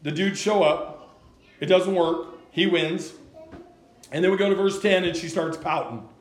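A man's voice: high-pitched, measured pace, a little hiss or hum. Sex: man. Role: pastor. Style: sermon. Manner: folksy, conversational storytelling. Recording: echoey room.

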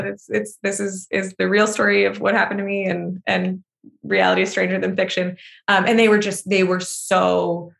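A woman's voice: medium pitch, vocal fry, a bit bright. A woman author being interviewed, talking openly and often laughing as she speaks. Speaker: author and guest. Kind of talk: emotional conversational interview.

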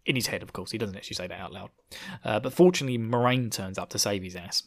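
Animated, slangy male podcast host. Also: fairly low pitch, fast talker. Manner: animated, laughing, slangy storytelling. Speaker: podcast host recapping a book. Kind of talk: casual chat.

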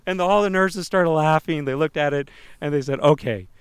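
Fast-talking man telling a story. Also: a little high, clean tone, no echo. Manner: animated, acts out others' lines in voices. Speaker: podcast co-host telling a personal story. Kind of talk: casual interview storytelling.

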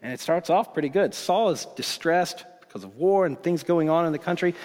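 A man preaching a sermon as pastor, telling the story in a casual, animated way with bursts of excitement. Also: on the high side, brisk. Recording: long hall reverb.

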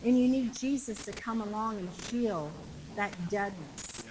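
A woman preaching a sermon with passion, repeating phrases and shouting the climactic lines. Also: medium pitch, lively intonation, unhurried, background noise.

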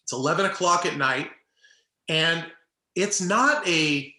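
Bright-voiced middle-aged man telling a story. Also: a little high, slow, roomy sound. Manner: animated, acts out quoted people. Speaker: former baseball player, guest. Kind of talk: casual storytelling.

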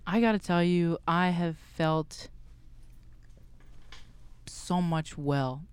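A man's voice: on the high side, very slow, clean tone, no echo. Laughing, playful man on a podcast. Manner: playful, laughs often, wordplay. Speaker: podcast co-host. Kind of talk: casual chat and joke-telling.

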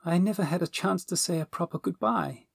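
A man's voice: fairly high pitch, big pitch swings, moderate pace, darkish tone, breathy edge, no echo, studio quality, voice pushed up. A man voicing a wistful young princess.

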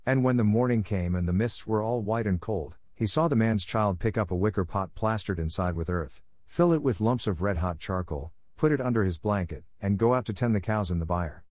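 Low-voiced man reading a story. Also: a little mellow, no room sound. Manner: measured storytelling. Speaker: narrator. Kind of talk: audiobook reading.

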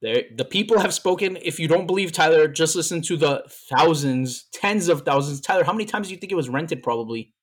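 A man's voice: on the high side, expressive, fairly quick, hardly any pauses. A man co-hosting a podcast in casual chat, telling stories in a playful, teasing way and tripping over his fillers. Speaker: podcast co-host.

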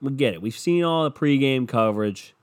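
Sarcastic, swearing young man with a lively voice. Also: mid-range voice, fairly quick. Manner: profane, sarcastic, jumps between topics. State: sick and tired. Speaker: podcast host. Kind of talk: casual solo podcast rant.

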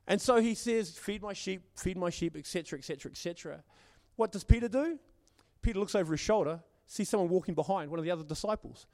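A man's voice: sits high, lively intonation, fast, darkish tone. A man preaching a sermon as pastor, stammering on repeated words and acting out the voices he quotes. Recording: long hall reverb.

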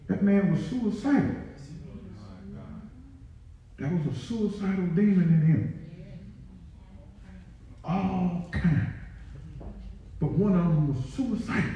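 Preaching as pastor in a large church sanctuary, a man with a high, dark-toned voice speaks slowly and expressively, pausing often. He's playful, making joking asides and calling out to the congregation in call-and-response. The recording is very echoey and dull, captured from far off.

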